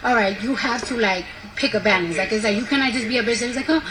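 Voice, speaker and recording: A woman's voice: on the high side, fast. A woman giving blunt opinions in casual talk, loose and full of fillers and slang, played back from a clip. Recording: clip with noisy ambience.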